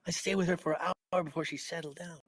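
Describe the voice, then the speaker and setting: An older man with a Hawaiian Pidgin accent, telling a first-person story in an animated, conversational way. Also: on the high side, fast talker, no room sound. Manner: animated, conversational, dramatic swings in loudness.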